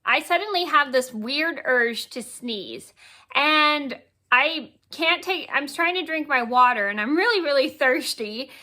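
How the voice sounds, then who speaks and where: A woman's voice: sits high, lively intonation, unhurried, pushed and bright. A woman in her late twenties telling a funny personal story in a casual vlog, rambling, repeating words, correcting herself and giggling along the way. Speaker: vlogger.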